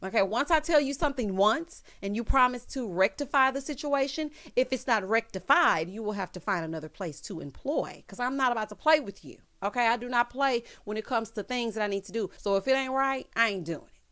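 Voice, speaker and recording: A woman giving a casual recap of a reality show, with sassy asides and loud bursts of laughter. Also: mid-range voice. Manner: reads out quotes in other voices.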